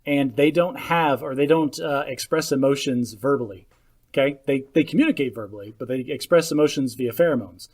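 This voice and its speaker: A man's voice: medium pitch, a little fast, a little mellow. A man co-hosting a podcast in casual chat, blunt and wry. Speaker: podcast co-host.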